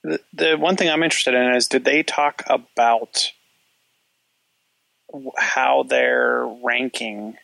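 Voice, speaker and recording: A man with a gravelly, mid-pitched voice co-hosts a tech podcast. He speaks casually and haltingly, often restarting his sentences. The sound is dry and close-miked. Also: fairly even intonation, sharp tone, no room sound, low-quality recording. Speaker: podcast co-host.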